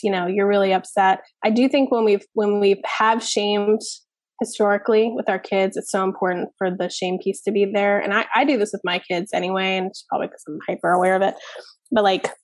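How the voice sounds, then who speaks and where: Woman, parenting expert guest; blunt, lively, a little gravelly, dry podcast sound. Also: mid-range voice, no echo. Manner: animated, blunt, swears casually. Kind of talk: candid conversational interview.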